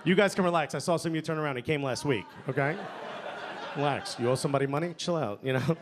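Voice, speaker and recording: This stand-up comic talks quickly in a fairly high-pitched voice, chatting with the audience and habitually tacking "okay?" or "you know?" onto his lines. Loud laughter and crowd noise fill the live club recording.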